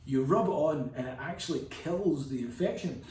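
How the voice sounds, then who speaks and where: A man's voice: on the high side, animated, normal speed, a little mellow. A man giving a casual, chatty lesson, digressive with playful asides. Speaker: whisky educator. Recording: roomy, distant from the mic.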